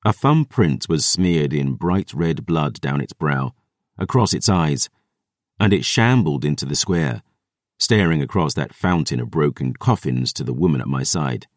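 A man narrating an audiobook in the first person, with a gruff, sardonic, measured delivery. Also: very deep voice, animated, no echo, clean studio sound.

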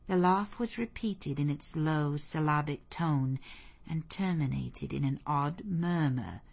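Female audiobook narrator, slightly low voice, measured and expressive in a classic novel. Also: creaky, husky.

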